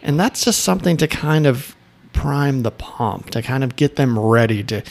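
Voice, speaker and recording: Male sales coach, gravelly, mid-pitched, easygoing talking-head delivery. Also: darkish tone. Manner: conversational, restarts sentences, acts out sample lines. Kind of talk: casual talking-head advice video.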